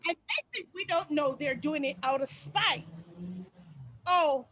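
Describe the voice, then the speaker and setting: An actress performing a stage monologue as a sassy, outspoken woman with mocking, expressive shifts of tone. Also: high voice, a little slow, slight background noise. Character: sassy, outspoken grown woman airing grievances. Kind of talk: theatrical monologue.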